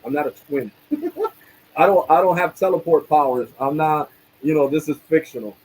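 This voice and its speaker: A man venting on a livestream in an angry, profane rant full of street slang. His voice sits a little high for a man, and a faint hum of noise runs underneath. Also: lively intonation, normal speed, a little mellow, rough recording. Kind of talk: ranting livestream.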